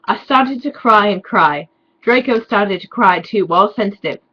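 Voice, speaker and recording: A woman's voice: mid-range voice, lively intonation, a little slow, slightly rough, lo-fi sound. Sarcastic young woman reading fan fiction. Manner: sarcastic asides, mock-despairing. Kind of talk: comedic dramatic reading.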